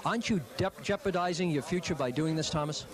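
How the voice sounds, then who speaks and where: A man's voice: a little high, quick pace, crowd noise. A man interviewing a boxer, stressing words and pressing with pointed questions. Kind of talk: sports interview.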